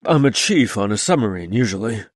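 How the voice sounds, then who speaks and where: A man's voice: lowish voice, animated, a little fast, no echo, clean studio sound. A male audiobook narrator voicing a reserved male Navy submarine chief who answers in clipped, terse lines. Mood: matter-of-fact.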